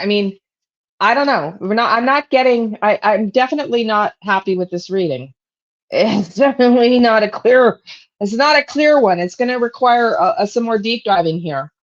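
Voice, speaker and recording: A woman's voice: mid-range voice, lo-fi sound. A woman hosting a true crime channel, talking to herself while she pulls tarot cards and repeats her questions to spirit.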